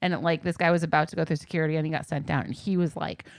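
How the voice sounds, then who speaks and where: A woman's voice: low-pitched, fairly even intonation, very fast, no echo, clean studio sound. A woman co-hosting a podcast, telling a travel story in a chatty, laughing way with some swearing. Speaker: podcast co-host. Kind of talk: casual storytelling.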